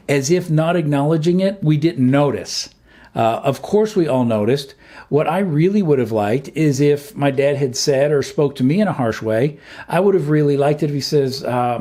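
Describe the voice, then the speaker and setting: A man's voice: fairly high pitch, dark tone. A middle-aged man hosting a family advice talk, speaking earnestly and plainly with frequent filler words. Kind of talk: direct-to-camera advice talk.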